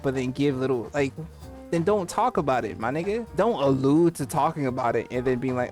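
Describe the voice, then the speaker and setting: A man's voice: on the high side, expressive, moderate pace, darkish tone, soft background music. A man hosting a casual chat and giving blunt opinions in slang. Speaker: host.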